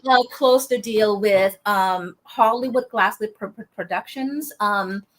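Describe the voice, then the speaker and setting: A woman guest, a military veteran and author, telling a story in an interview with passion, halting often and restarting her sentences. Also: mid-range voice. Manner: impassioned, halting, many fillers and restarts.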